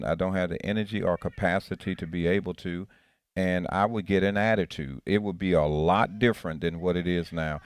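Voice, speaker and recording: Deep-voiced pastor preaching plainly. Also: male voice, clean tone, no echo. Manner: earnest, repetitive, restarts phrases. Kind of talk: interactive sermon. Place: church.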